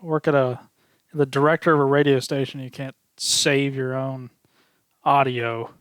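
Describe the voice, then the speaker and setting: Wry man with a smooth voice. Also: mid-range voice, level tone, a little slow, a bit bright, no room sound, clean studio sound. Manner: wry, joking asides. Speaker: podcast co-host. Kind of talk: casual chat.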